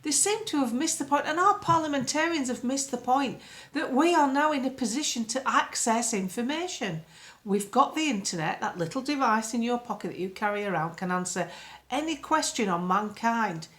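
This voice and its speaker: A woman's voice: on the high side, lively intonation, normal speed, fairly bright tone. A woman talking casually to camera as a political commentator. She is blunt and sarcastic, and often sounds annoyed. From United Kingdom.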